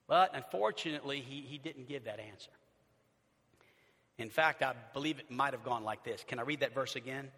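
High bright-voiced preacher in a big hall. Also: male voice, moderate pace. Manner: animated preaching, swings between loud and hushed. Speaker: pastor. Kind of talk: sermon. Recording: long reverb of a large hall.

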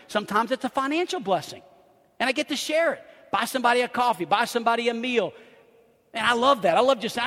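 A man preaching a sermon as pastor, telling humorous, animated stories with bursts of laughter. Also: very high voice, fast talker. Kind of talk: lively sermon storytelling. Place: church sanctuary. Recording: hall reverb in a church.

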